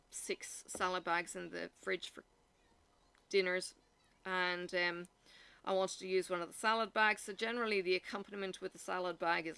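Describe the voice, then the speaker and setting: A woman's voice: medium pitch, vocal fry, pushed and bright, smooth. A woman vlogging at home in the evening, telling long rambling stories in a casual, chatty way with lots of fillers.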